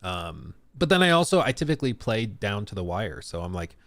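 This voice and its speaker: A man's voice: lowish voice, big pitch swings, brisk, fairly bright tone, dry recording, studio quality. A man hosting a casual live stream, chatting in a rambling, self-deprecating way with lots of fillers. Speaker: streamer and games reviewer. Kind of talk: casual live-stream chat, reading out chat comments.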